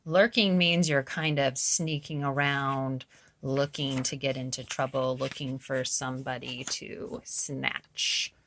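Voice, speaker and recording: Woman teacher reading to kids, slow and animated, with a gravelly edge to her voice. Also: extremely low pitch, slight background noise. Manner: gentle, encouraging teacher talk. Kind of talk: reading aloud to children, with vocabulary lessons.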